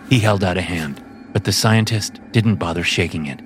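A man giving scripted audiobook narration in a measured storytelling manner. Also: sits low. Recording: narration with music bed. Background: music.

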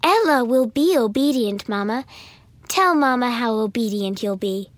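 A woman's voice: a little high, expressive, a little slow, no echo. A woman voicing a smug, spiteful young stepsister who talks in a bossy tone in a storybook reading.

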